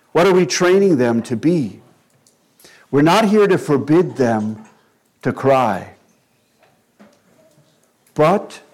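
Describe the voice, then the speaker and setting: A man preaching a sermon in a slow, measured and earnest way, with quiet asides. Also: a little high. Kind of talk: sermon on child-rearing.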